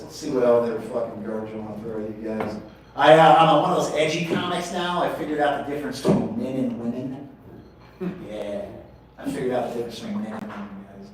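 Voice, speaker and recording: A man in his forties from Portland, Oregon, doing crude, profane open mic stand-up and bantering with the crowd in a small venue. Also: medium pitch. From Portland, Oregon, USA. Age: 40s. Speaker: stand-up comedian. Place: small comedy venue, indoors. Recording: echoey venue, distant mic.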